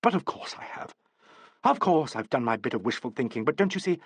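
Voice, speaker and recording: A man's voice: medium pitch, expressive, a little fast, breathy edge, no echo. A man reading the part of an earnest young woman, a theatre dresser and understudy, in a pleading, apologetic way.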